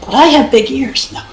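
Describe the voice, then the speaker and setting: A woman's voice: low-pitched, a bit bright. A woman playing a tabletop game, describing her character's actions with hesitant fillers. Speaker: player. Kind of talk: casual tabletop role-play. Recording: roomy sound with faint music.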